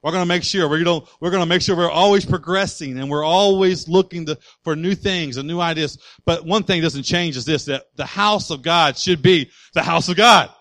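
Male pastor preaching, kinda high voice, dry close sound, gets loud and fired up. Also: moderate pace, hardly any pauses, no room sound, rough recording. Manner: passionate preaching, builds to loud declarations. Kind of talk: sermon.

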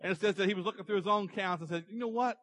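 A man preaching a sermon to his church, animated as he tells stories and acts out characters. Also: high-pitched, racing, no room sound, rough recording. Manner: animated storytelling, acting out characters in the parable. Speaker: pastor.

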